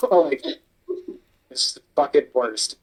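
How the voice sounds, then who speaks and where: A man's voice: medium pitch, lively intonation, slow, breathy edge, rough recording. A man, a kitchen supervisor, telling a work story in casual chat and swearing a lot. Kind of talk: casual chat while gaming.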